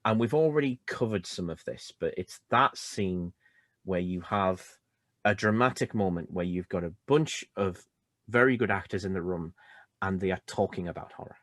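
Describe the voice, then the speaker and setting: A man co-hosting a casual chat about films, thoughtful and measured as he picks apart scenes. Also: sits low, fairly bright tone, no echo. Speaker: podcast co-host.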